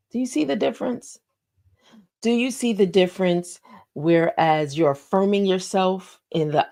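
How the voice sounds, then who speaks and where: A woman's voice: on the low side, measured pace, dark tone. A woman hosting a motivational talk. She is encouraging, repeats key phrases and asks listeners questions. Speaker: host.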